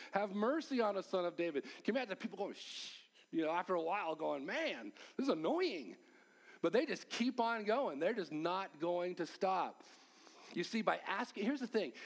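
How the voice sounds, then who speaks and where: An older man preaching a sermon, animated, acting out the people he quotes and dropping to a near whisper for emphasis. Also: a little high. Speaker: pastor.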